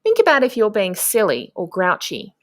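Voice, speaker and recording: A woman, a primary school teacher, narrating a lesson for young children in a slow, encouraging way with clear prompts to the class. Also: mid-range voice, wildly swooping pitch, no echo, clean studio sound.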